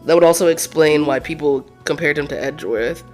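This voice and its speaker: A woman streaming a game, chatting casually in animated, profane banter and laughing often. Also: sits low, a little fast, soft background music. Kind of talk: casual let's-play chat.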